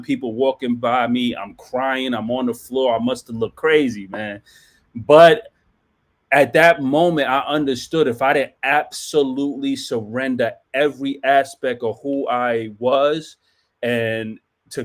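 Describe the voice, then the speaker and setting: A man earnestly telling his personal story of addiction and recovery, with emotional, conversational storytelling. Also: medium pitch. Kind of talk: personal testimony.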